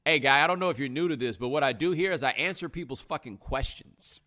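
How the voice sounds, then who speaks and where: A man's voice: medium pitch, fast. A man hosting a live stream, talking casually in slang and acting out other people's words. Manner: animated, slangy, acts out other people in quotes. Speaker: host.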